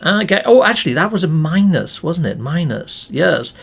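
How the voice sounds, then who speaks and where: A playful man commenting on his game, high-pitched and bouncy with a lively melody. His voice is gravelly and a touch husky, and he chats away to his viewers with mild swearing. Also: moderate pace. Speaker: let's play gamer.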